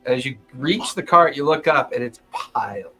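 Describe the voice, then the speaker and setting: A man narrating as game master in a tabletop game, describing scenes at an unhurried pace and chuckling often. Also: mid-range voice, expressive, bright, forceful tone, rough recording.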